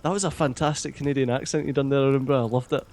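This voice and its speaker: A man's voice: mid-range voice, fairly even intonation, racing, darkish tone. A man with a Glaswegian Scottish accent, chatting casually as a co-player in a gaming session, teasing and dry. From Scotland.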